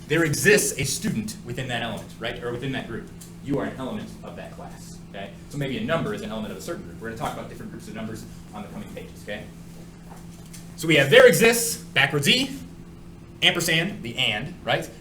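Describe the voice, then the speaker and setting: A man's voice: medium pitch, pushed and bright, a little hiss or hum. A man teaching a math class in a classroom, joking around and asking students many questions. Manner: jokey and playful, asks the class many questions. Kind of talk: classroom lecture. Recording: echoey classroom with faint ambience.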